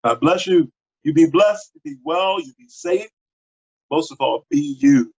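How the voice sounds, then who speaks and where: A man preaching a sermon as pastor, animated and exhortative, breaking into sudden high exclamations. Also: a little slow, breathy edge, lo-fi sound. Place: at home.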